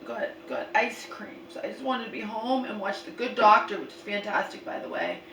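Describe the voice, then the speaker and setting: Woman vlogger, rambling and exasperated, crisp bright tone, roomy echo, mic set back. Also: medium pitch, big pitch swings, normal speed, distant mic, slight background noise. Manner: rambling, exasperated, swears, retells arguments in quotes. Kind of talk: rambling storytime vlog.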